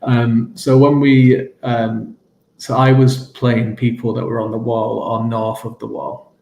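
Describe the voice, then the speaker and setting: A man's voice: medium pitch, little pitch movement, measured pace, a little mellow, reverberant, slight background noise, rough recording. A man in his forties hosting a casual talk show, telling stories with frequent laughs and restarts. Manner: laughs often, many restarts and ums. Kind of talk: casual chat.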